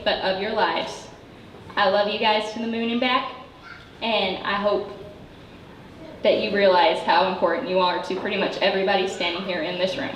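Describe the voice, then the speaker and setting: A woman giving an emotional wedding toast as the bride's best friend, halting and choked up at times. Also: medium pitch. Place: wedding reception room. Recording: echoey room with background noise.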